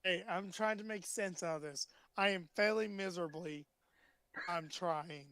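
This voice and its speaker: A man's voice: high-pitched, moderate pace, sharp tone, clear, resonant tone, no echo, studio quality. A man chatting casually, making wry, critical remarks about a story being read aloud. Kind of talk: casual chat.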